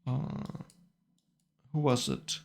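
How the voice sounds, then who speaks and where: Slow, hesitant male game commentator. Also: medium pitch, sing-song, creaky, darkish tone. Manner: hesitant, self-correcting, thinking aloud. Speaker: tournament commentator.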